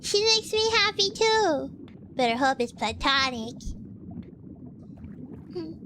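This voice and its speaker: A woman's voice: sits high, very animated, slow pace, noisy background. A woman streamer in casual livestream chat, rambling with many "like" fillers and frequent coughs, in a cutesy voice.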